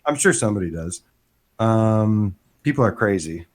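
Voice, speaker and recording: A man's voice: lowish voice, animated, moderate pace. A man co-hosting a casual live gaming podcast, rambling with many restarts and laughs. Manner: rambling, laughs often, hesitant. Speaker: podcast co-host. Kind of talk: casual live show chat.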